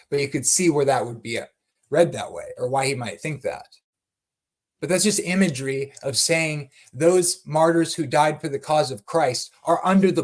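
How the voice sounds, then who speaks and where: A man teaching about the Bible in a fervent, excited way, often repeating words as he goes. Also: mid-range voice. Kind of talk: passionate teaching talk.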